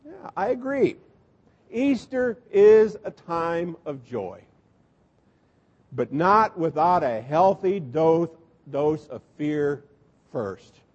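A high-voiced man preaches to his congregation and tells the story with humor. He acts out the people in it as he goes. The recording is dull and lo-fi. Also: breathy edge, long reverb tail. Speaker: Lutheran pastor. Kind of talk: sermon.

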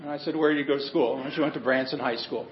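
A man's voice: mid-range voice, fairly even intonation, fast, reverberant, muffled recording, a little hiss or hum. A male pastor preaching a sermon in a church, telling stories in a conversational, humorous way.

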